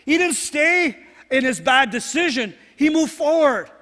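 A man's voice: extremely high pitch, lively intonation, a little slow, sharp tone. A man preaching a sermon as pastor, earnest and repetitive, often checking in with "right?". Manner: earnest, repeats phrases, asks "right?" often. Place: church sanctuary. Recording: long hall reverb.

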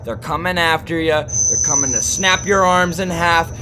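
A woman doing goofy, shouty commentary while playing a horror game. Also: sits low, normal speed, noisy background. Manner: hyper, shouty, joking. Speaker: gaming YouTuber. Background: background music.

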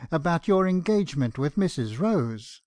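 A man's voice: fairly high pitch, animated, normal speed, a little mellow, no room sound, studio quality, close to an everyday voice. A man reading an audiobook and voicing a stern, indignant middle-aged father with a severe, accusing manner. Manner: severe, accusing, rising to outbursts. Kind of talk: audiobook character voice.

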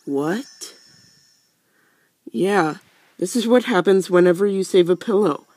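Slow joking let's play man. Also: sits high, a little mellow, dry recording, faint music behind. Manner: joking, teasing the characters. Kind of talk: casual gameplay commentary.

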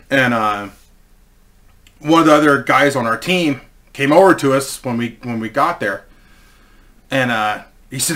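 A man's voice: medium pitch, measured pace, pauses often, pushed and bright. A man in his forties telling a rambling, profane story in a casual way. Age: 40s.

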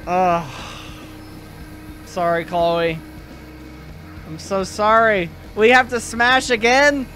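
Man, let's play host, emotional, sympathetic reactions, high voice, faint game music. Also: steady tone, takes it slowly, pushed and bright. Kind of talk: game commentary.

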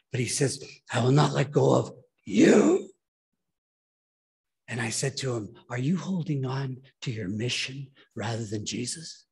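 Gravelly, husky male pastor preaching. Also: medium pitch, measured pace, darkish tone. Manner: emphatic preaching, pleading with listeners. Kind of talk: sermon. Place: church.

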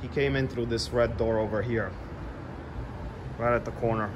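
A man's voice: medium pitch, fairly even intonation, moderate pace, dull audio, background noise. A middle-aged man, a tour guide, animatedly telling a legend outdoors on a city street and pointing out spots. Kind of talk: storytelling on a walking tour.

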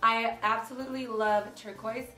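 A young woman talks casually to her camera in a hotel room, animated and full of little fillers. Her voice is bright and a touch high. The room sounds echoey, with faint music playing behind her. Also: moderate pace. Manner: chatty and animated, with lots of fillers like "like". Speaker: beauty vlogger.

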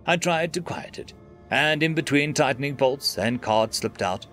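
A man's voice: on the high side, moderate pace, a bit bright, soft background music. A man narrating a scripted science fiction story in a dramatic, dry manner.

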